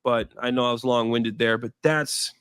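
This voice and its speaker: A rambling man in his thirties from Chicago talks in loose, filler-laden stretches and laughs easily. His voice is mid-pitched and sounds dry and close. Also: steady tone, moderate pace, fairly bright tone, clear, resonant tone, no echo. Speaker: guest, former pro football player. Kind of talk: casual interview.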